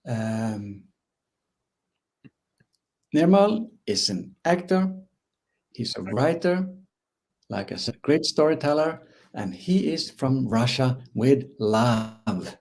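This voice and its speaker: A man hosting a livestreamed show, introducing a guest in a relaxed, unhurried way. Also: mid-range voice, a little hiss or hum. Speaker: host.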